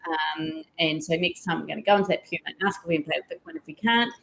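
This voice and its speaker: A woman's voice: fairly low pitch, sing-song, fast, creaky, a bit bright, low-quality recording. A middle-aged woman co-hosting a vlog, telling stories in a chatty, enthusiastic way. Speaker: vlog co-host. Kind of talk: casual chat.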